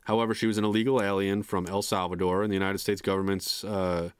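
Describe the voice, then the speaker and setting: A man's voice: sits low, little pitch movement, quick pace, clear, resonant tone, dry recording, studio quality. A man co-hosting a casual chat show, laid-back, often reading notes aloud. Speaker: podcast co-host.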